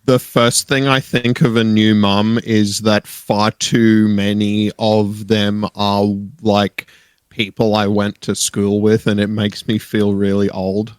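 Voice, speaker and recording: A man's voice: lowish voice, little pitch movement, slow, clear, resonant tone, no echo. A young Australian man co-hosting morning radio, wry and a little hesitant. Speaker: radio co-host. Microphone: studio microphone.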